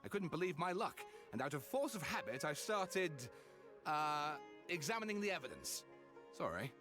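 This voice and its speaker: Eager young writer, high pitch, lively swings, enthusiastic, soft game music. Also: male voice, moderate pace. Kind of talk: video game dialogue.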